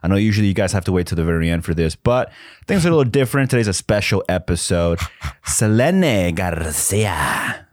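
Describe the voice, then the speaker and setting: Low-voiced teasing podcast co-host man. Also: expressive, a little fast, dry recording, studio quality. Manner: teasing, laughs often. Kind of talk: casual chat.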